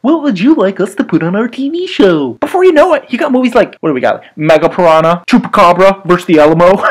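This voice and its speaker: A young man telling a funny story to camera, animated, dropping into low mutters and jumping up into high squeals. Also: quick pace. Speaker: comedy storyteller. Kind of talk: comic storytelling monologue.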